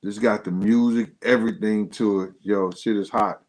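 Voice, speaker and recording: A livestream host talks loosely and in slang straight to his viewers, at normal speed with fairly even intonation and a slightly mellow tone. When he gets worked up, his pitch jumps sharply. The recording is rough.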